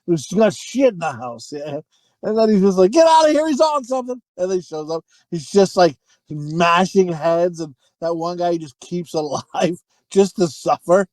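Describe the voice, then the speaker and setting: A man's voice: high voice, a little slow, no echo. A man co-hosting a crude, casual movie-review podcast, laughing often and acting out quotes. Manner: lively, laughing, acts out quotes. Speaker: podcast co-host.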